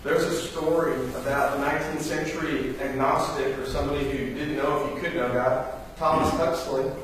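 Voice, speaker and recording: In a church sanctuary, a male pastor preaches a sermon, animatedly telling stories and acting out the voices of the people in them. His voice is mid-range at a normal speed, and the recording, captured from far off in a very echoey church, carries a little hiss or hum.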